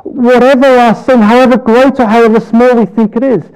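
Preacher guy, high but mellow voice, muffled audio. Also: steady tone, clean tone. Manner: earnest, rhetorical questions, slow emphatic pauses. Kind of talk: sermon.

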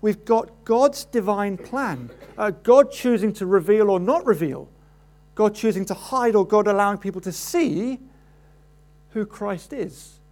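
A man preaching a sermon, animated, acting out the voices in the story. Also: a little slow. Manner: animated, acts out quoted voices with rising pitch.

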